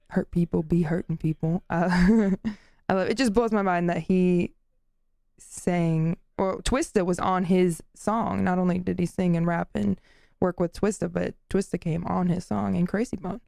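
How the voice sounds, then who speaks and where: Low gravelly-voiced bubbly woman co-host. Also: fairly even intonation, unhurried, dark tone, no room sound, studio quality. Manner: bubbly, laughs often, gushing. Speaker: podcast co-host. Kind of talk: casual podcast chat.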